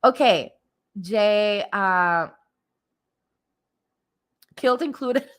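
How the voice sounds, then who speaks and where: A woman's voice: medium pitch, animated, extremely slow. A woman hosting a spiritual livestream, chatting casually and giggling often, with lots of fillers. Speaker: livestream host and spiritual reader.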